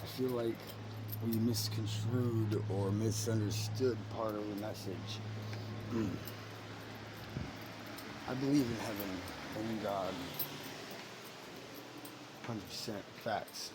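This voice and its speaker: Man, earnest reflective monologue, casual talk, sudden loud bursts, steady background noise. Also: lowish voice, slow pace, pauses often. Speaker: parent sharing personal beliefs.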